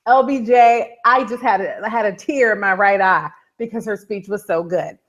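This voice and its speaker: A woman co-hosting a live TV recap show, an animated storyteller who keeps repeating a catchphrase. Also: medium pitch, moderate pace. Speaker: podcast co-host.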